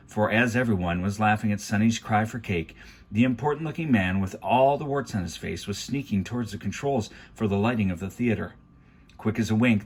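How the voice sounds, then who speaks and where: Husky man reading a storybook aloud. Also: lowish voice. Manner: wry, confiding asides. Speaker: storybook reader. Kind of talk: reading a children's book aloud. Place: home garage.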